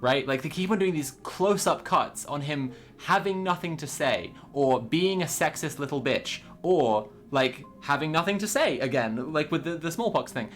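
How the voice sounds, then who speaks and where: A man co-hosting a stream, reacting to a video with sarcastic, animated commentary and casual swearing. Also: a little high, normal speed, hardly any pauses, soft background music.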